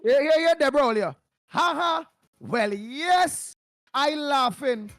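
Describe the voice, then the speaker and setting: A man's voice: extremely high pitch, expressive, takes it slowly, a bit bright, dry recording. A Trinidadian man hosting a live morning show, chatty and playful, greeting viewers by name and laughing often.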